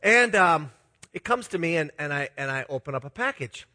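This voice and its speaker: Lively in intonation and a little fast, this middle-aged man's voice is slightly high, pushed, and bright. He is a Minnesota pastor sharing self-deprecating, confessional stories in a sermon, chuckling along the way.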